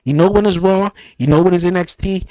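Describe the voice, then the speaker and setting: A man hosting a podcast, telling a story in a lively, animated way. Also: high-pitched, fast, dry recording. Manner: animated storyteller, acts out his son's lines. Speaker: podcast host. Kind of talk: casual podcast chat. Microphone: podcast studio mic.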